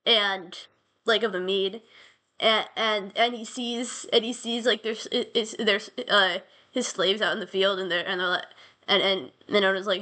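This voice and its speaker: A woman chats her way through an old myth, full of slang and stumbling restarts. Her tone is bright and forward, at an ordinary mid pitch. It sounds like a casual solo podcast. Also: steady tone, normal speed. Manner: rambling, slangy, many restarts. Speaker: podcast host.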